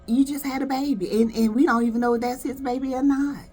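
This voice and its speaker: A woman's voice: high-pitched, steady tone, fast talker, darkish tone, faint music behind. A woman from South Carolina giving sassy, gossipy commentary, reviewing skits with dramatic asides. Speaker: video reviewer. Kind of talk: casual commentary.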